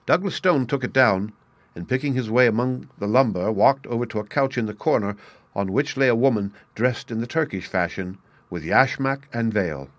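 A man narrating a classic story aloud in a steady, clear storytelling manner. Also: medium pitch, moderate pace, no echo.

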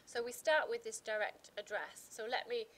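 A woman teacher, talking through a poem in a casual revision chat, pausing often with ums and restarting her sentences. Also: fairly high pitch, expressive, a bit bright. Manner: hesitant, many fillers and restarts.

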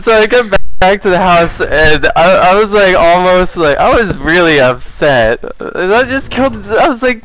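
A man's voice: sits high, expressive, fairly quick, a bit bright, low-quality recording. A man casually telling a rambling, profane story to friends, laughing through it.

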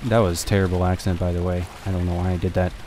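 A man's voice: deep voice, flat delivery, fast talker, noisy background. A young man casually commenting on a horror game as he plays, swearing and talking to himself. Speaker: let's play gamer.

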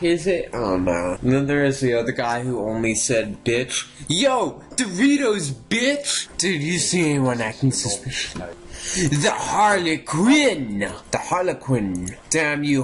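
Excitable cursing young man gaming. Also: medium pitch. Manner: profane, excitable, swings between mutters and yelps. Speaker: gaming YouTuber. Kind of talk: let's play commentary.

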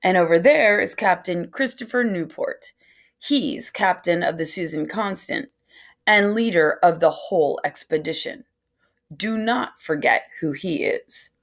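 A woman reading a calm, measured reverend. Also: on the low side. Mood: instructive. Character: calm, steady male reverend.

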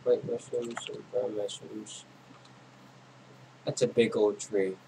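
A man narrating his own video game play in a casual, rambling way, talking to himself, his voice a little hoarse. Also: lowish voice, little pitch movement, takes it slowly, dark tone, a little hiss or hum, rough recording. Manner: rambling, talks to himself while playing. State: losing his voice. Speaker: gaming channel host. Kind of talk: casual gameplay commentary.

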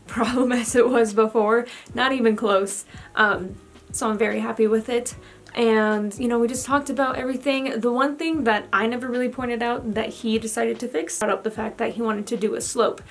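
A young woman with a fairly high voice talks through a casual vlog update, chatty and candid, padding her sentences with fillers. She sounds a little out of breath as she goes. Soft music plays underneath her. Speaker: vlogger.

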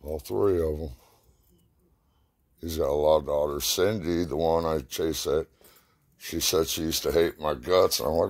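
Man, middle-aged, very deep voice, profane rambling storyteller, short of breath. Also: a little slow, long pauses, darkish tone. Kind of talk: casual spoken memories.

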